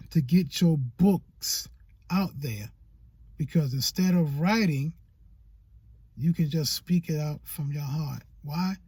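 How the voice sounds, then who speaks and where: A man's voice: fairly high pitch, dark tone, slightly rough, dry recording. A man giving motivational vlog talk as a YouTube coach, preachy and repeating phrases for emphasis.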